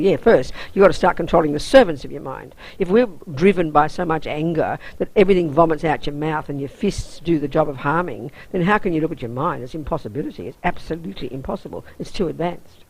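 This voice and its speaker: A woman's voice: low voice, lively intonation, fast talker, few pauses, a little mellow, husky, low-quality recording. An Australian woman, a Buddhist nun, teaching a weekend course in an intense, emphatic, down-to-earth way.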